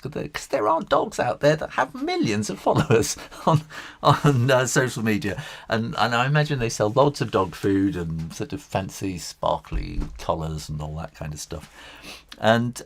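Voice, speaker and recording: A man's voice: fairly low pitch, vocal fry, a bit bright, slight background noise. A middle-aged man, an author and illustrator, talking through a live drawing lesson in a hesitant, rambling way with little chuckles. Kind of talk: live drawing tutorial, thinking aloud.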